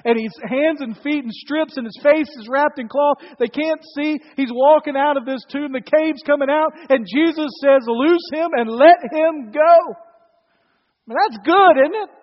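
High-voiced preacher in a reverberant hall. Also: male voice, normal speed, few pauses. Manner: dramatic storytelling, swinging from loud to hushed. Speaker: pastor. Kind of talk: sermon. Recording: dull audio with long reverb.

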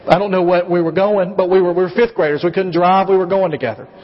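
A man preaching a sermon as pastor, telling the story in an animated way and acting out voices. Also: high voice, quick pace. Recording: muffled recording with long hall reverb.

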